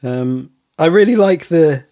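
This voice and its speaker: A man co-hosting a podcast in casual chat, rambling and pausing on many ums. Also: on the high side, animated, warm tone, no room sound, studio quality. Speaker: podcast co-host.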